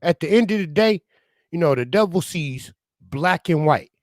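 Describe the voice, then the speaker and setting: A man's voice: on the high side, expressive, moderate pace, no room sound. A man giving impassioned political commentary as a talk radio panelist, talking into a studio microphone and filling his speech with "you know" and "man".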